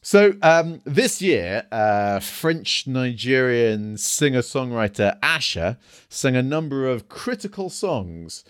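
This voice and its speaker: A man's voice: mid-range voice, sing-song, takes it slowly, clean tone, dry recording, studio quality. A man co-hosting a casual podcast, talking in a loose, chuckling way. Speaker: podcast co-host.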